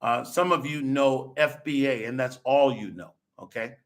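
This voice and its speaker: A man's voice: medium pitch, normal speed. A man hosting a podcast, lecturing and arguing in answer to viewer comments, with rhetorical questions, restarts and frequent "okay?". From United States. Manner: lecturing, rhetorical, repeats himself and says okay often. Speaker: podcast host.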